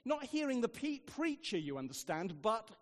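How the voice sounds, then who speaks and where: A man's voice: very high-pitched, very animated, moderate pace, big-room sound. A man preaching a sermon, telling funny stories with dry asides, in a church. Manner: humorous storytelling, dry asides.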